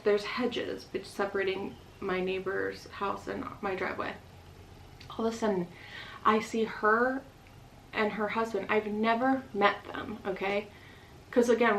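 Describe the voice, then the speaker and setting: A woman vlogger recounting a personal story at a quick, chatty pace, peppering it with "like." Her voice sits at a mid pitch. A faint noise hums in the background. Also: gravelly, poor audio. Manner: rapid, full of "like" fillers. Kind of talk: casual storytime chat.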